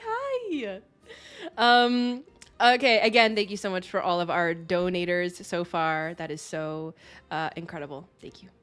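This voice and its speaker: A young woman hosting a livestream, gushing and effusive as she thanks donors over and over, often laughing. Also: mid-range voice. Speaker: livestream host. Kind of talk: casual livestream chat. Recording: faint background music.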